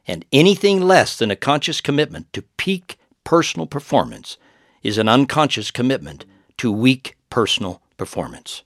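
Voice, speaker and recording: A man reading a quotation in a formal, measured voice-over. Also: mid-range voice, very animated, a bit bright, no echo, clean studio sound.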